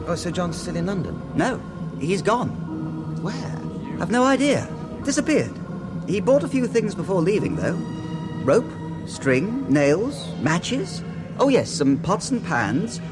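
An actor playing a gossipy, chatty young man in a radio drama, sounding incredulous. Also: high-pitched.

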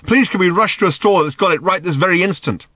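A man performs a bellowing, exasperated Arthur, shouting in a sarcastic, melodramatic, heavily acted way. He pitches his voice high, above his natural range, with huge swings, at a moderate pace. The recording is dry and clean, with studio sound.

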